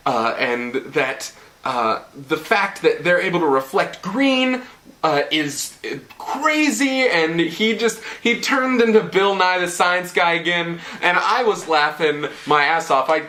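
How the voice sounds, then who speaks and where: A man's voice: on the high side, sharp tone. A young man hosting his channel, casually recapping an event in a rambling, playful way with lots of fillers. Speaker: channel host.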